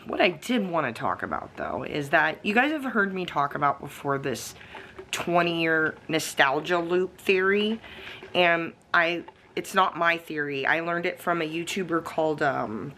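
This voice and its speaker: A woman's voice: on the low side, lively intonation, a little slow, pushed and bright, a little hiss or hum. A woman vlogger talking casually to her viewers, rambling with fillers and restarts, snacking and sipping coffee as she goes, with the odd swear word. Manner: eats snacks and sips coffee while talking. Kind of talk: casual talking-head vlog.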